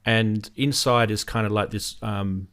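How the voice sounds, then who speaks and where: A man's voice: on the low side, fairly even intonation, measured pace, a bit bright, clean tone. A man with an Australian accent, hosting a casual video-call chat and telling a funny story with lots of laughs. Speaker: host.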